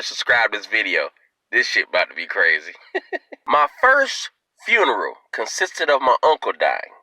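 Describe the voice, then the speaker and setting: A man telling a comic story to his viewers in a playful, animated way. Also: medium pitch, no echo, rough recording. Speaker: video host.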